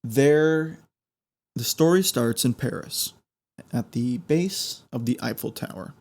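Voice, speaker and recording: A man hosting a podcast, telling a story in an animated way that builds suspense. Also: mid-range voice, slow, gravelly. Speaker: podcast host.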